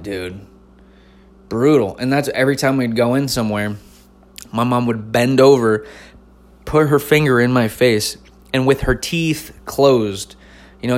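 A man in his forties hosts a podcast in a loose, profane way, full of slang and "dude". He tells his stories like casual chat, with plenty of swearing. His voice sits at an ordinary middle pitch. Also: slight background noise. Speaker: podcast host.

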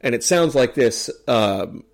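A man's voice: medium pitch, very animated, slow, gravelly. An American man co-hosting a casual chat, rambling with lots of fillers and restarts. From United States. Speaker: podcast co-host. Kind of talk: casual chat ranking accents.

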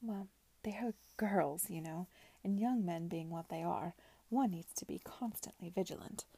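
Hushed gossipy chaperone, whispered by a woman. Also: fairly low pitch, a little slow, slight background noise. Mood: confiding. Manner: confiding, hushed. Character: gossipy fawning middle-aged chaperone woman. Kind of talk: whispered reading.

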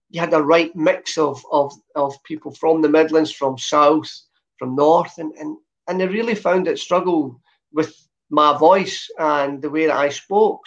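A man in his fifties from Scotland with a softened Glasgow accent, telling stories as an interview guest with a lot of filler sounds. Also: a little high. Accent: softened Glasgow Scottish. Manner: lots of uh fillers, chatty storytelling. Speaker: guest, former footballer. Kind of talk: relaxed interview chat. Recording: dull lo-fi sound.

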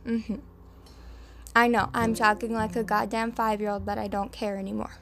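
A woman's voice: on the high side, little pitch movement, moderate pace. A young woman hosting a podcast, rambling through the news in a casual, swearing, filler-heavy way. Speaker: podcast host.

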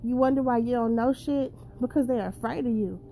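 Vlogger woman, fairly high and mellow voice; blunt, heavy swearing, preachy casual rant. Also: a little fast, creaky, slight background noise. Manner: blunt, profane and preachy, addressing viewers directly. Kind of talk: casual straight-to-camera rant.

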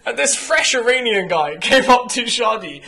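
A man's voice: extremely high pitch, animated, normal speed, creaky, over a noisy crowd. A young man speaking frankly and profanely in casual conversation, telling stories animatedly and often restarting his sentences. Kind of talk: candid casual chat.

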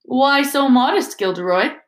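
A woman reading aloud plays a kindly old wizard headmaster with a soft, calm, gently amused way of speaking. He sounds patient and warm-hearted. The storybook recording rings with a roomy echo. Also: sits high, measured pace, voice pushed up. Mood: wry. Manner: gentle, calm, softly twinkling.

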